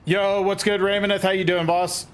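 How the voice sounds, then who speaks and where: A man's voice: sits high, little pitch movement, normal speed, clean tone. A man in his forties, a game streamer, chatting casually with his viewers in an easygoing way and greeting them by name. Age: 40s. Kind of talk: casual live-stream chat.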